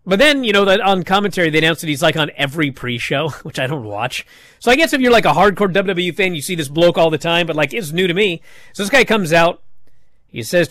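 A man with a high-pitched voice recaps a wrestling show in a loose, chatty way, scattering "like" through his sentences. The sound is dry and close, with no room echo. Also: moderate pace. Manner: chatty, animated retelling with many "like" fillers. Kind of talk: casual recap commentary.

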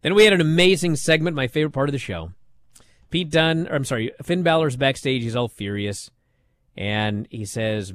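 A man hosts a radio talk show and rambles through a casual recap. His sentences often trail off into low mumbles. He sits at a middle pitch, and the sound is close and dry with no room around it. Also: animated, normal speed, dry recording.

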